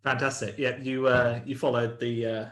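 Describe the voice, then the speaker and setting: A man's voice: medium pitch, level tone, a bit bright. Man narrating a game in a roomy echo. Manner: measured, descriptive narration. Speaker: game master.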